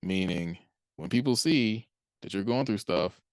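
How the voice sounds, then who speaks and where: A man with a lowish, expressive voice speaks at a measured pace, giving a casual, conversational talk about Christian faith. He acts out how people react and chuckles often between points, and the recording has no room sound.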